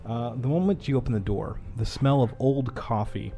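A man narrating as game master of a tabletop role-playing game, in a relaxed, measured way with fillers. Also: medium pitch, soft background music.

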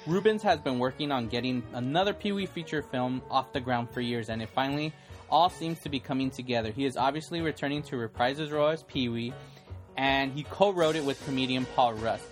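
A man's voice: mid-range voice, brisk, soft background music. A man hosting a casual podcast, talking in a chatty, rambling way and laughing often. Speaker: podcast host.

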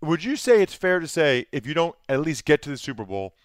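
A man's voice: a little high, very animated, brisk, no room sound, studio quality. A man co-hosting a casual sports debate, questioning and pushing back on his partner's points. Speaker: sports talk co-host.

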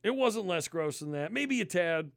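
Guy ranting about gross stuff, swears a lot, kinda high voice. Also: moderate pace, creaky, no echo, studio quality. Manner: animated, swears constantly, disgusted ranting. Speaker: podcast host. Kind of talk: casual profane storytelling.

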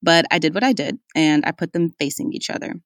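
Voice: medium pitch, fast, no echo, clean studio sound. A podcast host telling a reflective personal story in a casual, chatty way, full of "like" and "y'all".

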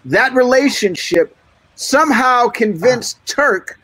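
A man co-hosting a live podcast, recounting scenes in a relaxed, repetitive way. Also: extremely high pitch, slow pace, no echo. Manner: relaxed storytelling, repeats phrases. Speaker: podcast co-host. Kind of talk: casual chat at a live podcast taping.

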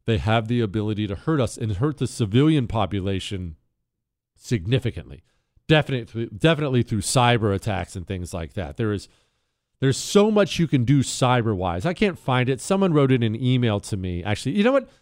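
A man hosting a talk radio show, delivering an opinionated casual monologue that is sarcastic and animated, breaking into high silly voices. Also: dry recording, studio quality.

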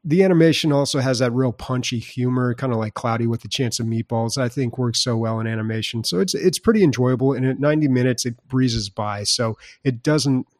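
A man co-hosts a podcast in loose, casual chat, rambling along with fillers and false starts. His voice sits at an ordinary pitch. The recording is close and dry. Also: brisk, hardly any pauses, a little mellow, no room sound. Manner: rambling, lots of fillers and restarts. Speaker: podcast co-host.

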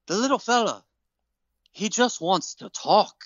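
A man voicing a burly, fatherly male wrestler who explains things slowly and patiently. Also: sits high, expressive, no room sound, dull audio, pitched above the performer's own voice. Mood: explaining.

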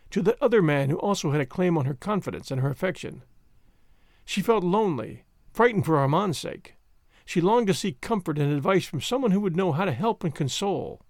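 Expressive male audiobook narrator. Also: fairly high pitch, gravelly, dry recording, studio quality. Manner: expressive, dramatic storytelling. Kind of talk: scripted narration.

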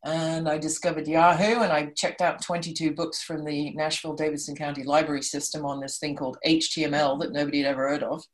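Low-voiced woman in her sixties. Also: quick pace, few pauses. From Liverpool, England. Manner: chatty and animated, acts out quoted voices. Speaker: interview guest. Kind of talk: casual storytelling in conversation.

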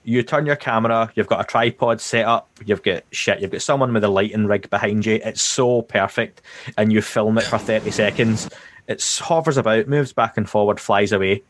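A man hosting a podcast, talking in a relaxed, rambling way and building hypothetical examples. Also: lowish voice, moderate pace. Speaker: podcast host. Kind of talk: casual podcast conversation.

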